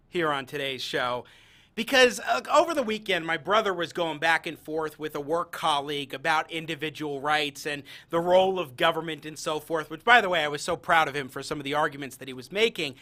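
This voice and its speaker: A man's voice: a little high, pushed and bright. A man hosting a live-streamed talk show, with a polished, emphatic broadcast delivery.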